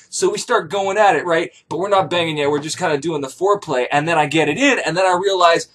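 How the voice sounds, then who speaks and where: A man's voice: a little high, a little fast, few pauses. A man telling an ancient tale as a comic first-person story, rambling and profane. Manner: animated, profane, rambling jokes. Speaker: comedic storyteller.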